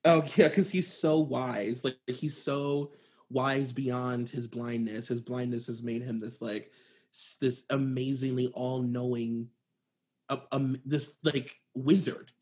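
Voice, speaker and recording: A young woman in casual movie chat, animated and mocking, often acting out lines from the film. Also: very deep voice, slow. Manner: animated, mocking, acts out quotes.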